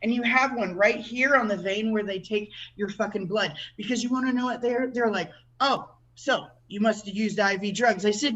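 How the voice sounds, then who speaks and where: A woman tells crude, foul-mouthed stand-up stories at a bright, forceful pitch, mocking herself as she goes. The sound is a bit dull and lo-fi, like a stream. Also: moderate pace, few pauses. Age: adult with a child. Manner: crude, profane, self-deprecating storytelling. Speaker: stand-up comedian. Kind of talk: stand-up set at an online open mic.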